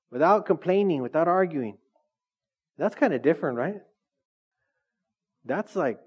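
A man preaching a conversational sermon, animated and chatty, often laughing and asking the congregation questions. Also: on the high side, moderate pace, long pauses, highs cut off. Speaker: pastor.

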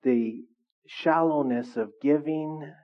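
A man preaching to his congregation in a casual, animated way, often asking the room questions. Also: fairly high pitch, takes it slowly, lo-fi sound. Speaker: pastor. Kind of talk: sermon.

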